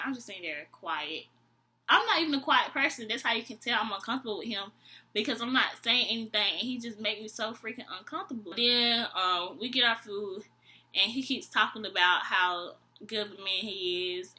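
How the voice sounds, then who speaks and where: Exasperated young woman telling a story. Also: on the high side. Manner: animated, acts out both sides of the dialogue; slangy, dry and exasperated. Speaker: vlogger. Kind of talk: storytime vlog.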